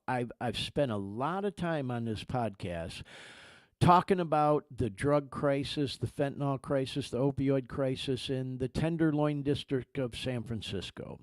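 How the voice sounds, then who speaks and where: A man's voice: mid-range voice, animated, unhurried, no echo. A man hosting a podcast in casual talk, emphatic and swearing, calling listeners "y'all". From California. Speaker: podcast host.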